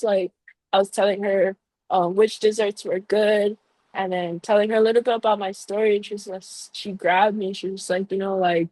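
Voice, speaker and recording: On a podcast, a young baker and business owner shares a heartfelt, emotional personal story, saying "like" constantly. The audio is poor and dry, and her medium-pitched, darkish voice stays fairly even at normal speed.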